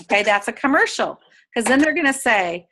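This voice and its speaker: Woman, upbeat sales coach on a video call, high and bright voice. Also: expressive, fairly quick, a little hiss or hum. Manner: upbeat, coaching, acts out sample chats. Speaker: sales trainer. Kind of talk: training talk to direct sellers.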